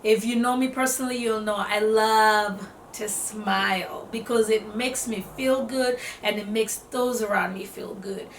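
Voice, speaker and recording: A woman giving casual self-development advice to camera, lively, acting out what other people say and laughing often. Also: medium pitch, unhurried, few pauses, a little hiss or hum. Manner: animated, acts out quotes in voices, laughs often. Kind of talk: casual motivational talk to camera. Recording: echoey room, voice a bit off-mic.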